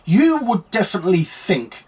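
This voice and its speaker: A man's voice: sits high, very animated, normal speed, darkish tone, breathy edge. A man hosting an angry, sweary political rant, mocking and heated. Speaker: online commentary host.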